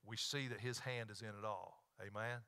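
A man's voice: lowish voice, steady tone, normal speed, bright, forceful tone, clear, resonant tone. A man, a pastor closing a sermon with an altar call and prayer in a pleading, repetitive preacher cadence. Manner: pleading Southern preacher cadence, repeated invitations. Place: church sanctuary.

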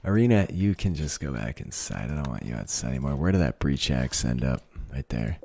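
A man's voice: a bass voice, animated, fairly quick, gravelly, a little mellow. A man giving casual let's-play commentary, thinking aloud, swearing freely and laughing often. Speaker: gaming video creator.

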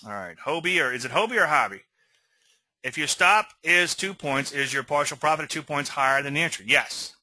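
Rambling, bright-voiced man teaching trading. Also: fairly high pitch, animated, a little fast, no echo. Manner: rambling, conversational, peppers with "okay?". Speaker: trading educator. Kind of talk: live webinar teaching with Q&A.

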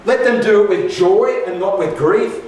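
A man's voice: high voice, normal speed, background noise. An older man preaching a sermon, telling a personal story with humour and asides to the congregation. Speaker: pastor. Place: church hall. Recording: echoey church hall from far off.

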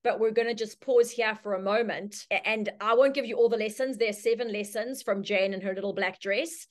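A woman teaching a branding workshop, telling a story with lively, chatty delivery and acted-out voices. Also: brisk. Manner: storytelling, acts out quoted voices with sudden high squeals. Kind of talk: live online workshop talk.

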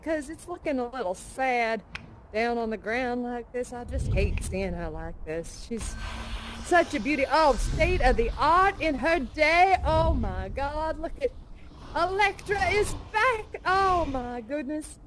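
A high-voiced, chatty aviator woman in a live immersive theater show. She tells her tales folksily and keeps breaking into exclamations. Her voice sits high and bright over her talk. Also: expressive, unhurried, background noise. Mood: folksy.

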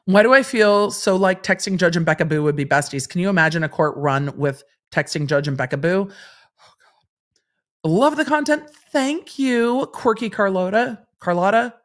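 A woman's voice: on the low side, normal speed. Chatty woman hosting a livestream. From Los Angeles. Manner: chatty, repeats phrases for effect. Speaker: host and lawyer commentator. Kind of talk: casual livestream chat reading comments.

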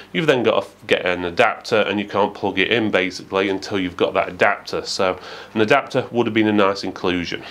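A man's voice: on the low side, a bit bright. A man giving a methodical, matter-of-fact product review with frequent fillers. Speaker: tech reviewer.

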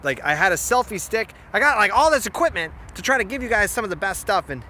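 A young man vlogs into a phone held at arm's length at a muddy wildlife preserve, slightly out of breath, with a little background noise. His voice is high, sing-song and sharp, and he talks fast, rambling in frustration before turning wistful in this casual outdoor selfie video.

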